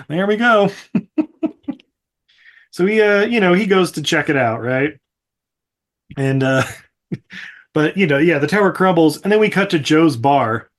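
A man's voice: on the high side, lively intonation, normal speed, pauses often. A man on a casual podcast, recapping a movie in a rambling way with frequent laughs and casual swearing. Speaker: podcast co-host.

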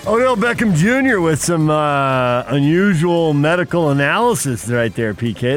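A man's voice: a little high, big pitch swings, normal speed, few pauses. Man, sports radio host, dry teasing delivery, headline reading, faint music bed. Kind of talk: morning sports radio banter.

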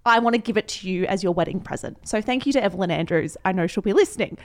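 A woman's voice: medium pitch, fast. A woman co-hosting a podcast in casual, bubbly chat, laughing often. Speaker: podcast co-host.

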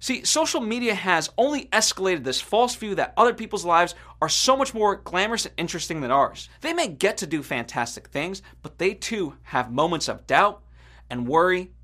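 A man's voice: sits high, lively intonation, moderate pace, bright, forceful tone. A man hosting a podcast, delivering an earnest, reflective scripted monologue. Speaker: podcast host.

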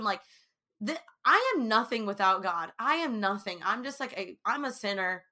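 Bright-voiced young woman, earnest faith talk. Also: medium pitch, normal speed. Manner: earnest and animated, with many fillers like "like". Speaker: Christian speaker sharing her testimony. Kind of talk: casual faith talk to viewers.

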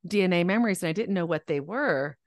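A woman guest author in a casual podcast interview, telling family stories in a lively way, acting out the voices she quotes and laughing often. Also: on the low side, fast, dry recording, clean studio sound.

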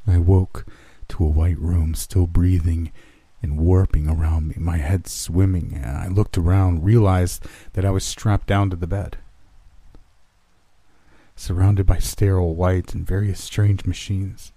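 A man narrating a horror story in a measured, dramatic way. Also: sits low, little pitch movement, warm tone, husky, no echo.

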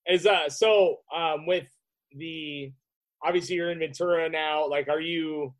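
A man's voice: on the high side, fairly even intonation, unhurried. A man hosting a casual podcast, asking questions in a laid-back, slangy way. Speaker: podcast host.

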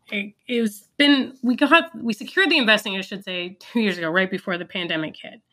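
A woman's voice: medium pitch, a bit bright. A woman who founded a business, telling an earnest, reflective story in an interview, with fillers and restarts.

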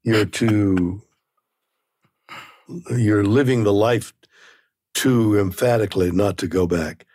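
Old guy in his 90s, husky lowish voice, stops and restarts a lot, meanders. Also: mellow, no room sound, clean studio sound. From Canada. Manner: halting, repeats words, meandering. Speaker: interview guest. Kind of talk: reflective conversation.

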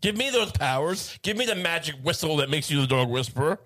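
A man's voice: fairly high pitch, expressive, brisk, a bit bright. A man co-hosting a casual comedic chat, ranting in long rambling runs with stammered restarts. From United States.

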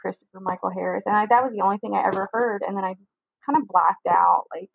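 Gravelly and husky, this young woman talks quickly at a medium pitch while telling an interviewer a candid, rambling personal story, saying "like" almost constantly. The recording is dry and sounds narrow, like a phone.

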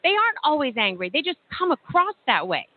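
A woman's voice: sits high, very animated, a little fast. A woman co-hosting a radio talk segment in a chatty, teasing way. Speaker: radio co-host. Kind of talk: casual chat. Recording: tinny phone-like line.

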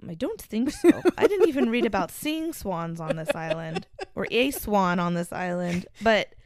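A woman's voice: mid-range voice, sing-song, moderate pace, no echo, clean studio sound. A young adult woman co-hosting a podcast, chatting casually and laughing between remarks as she presents her research. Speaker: podcast co-host.

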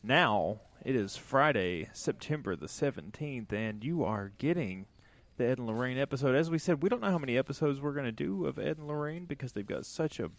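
A man's voice: mid-range voice, expressive, a little fast, creaky. A man co-hosting a casual podcast, with laid-back, rambling talk and easy laughter. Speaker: podcast co-host. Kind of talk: casual chat.

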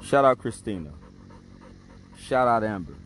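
A man's voice: lowish voice, sing-song, unhurried, a little hiss or hum. A man hosting a podcast, telling a rambling story in casual slang with plenty of swearing. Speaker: podcast host.

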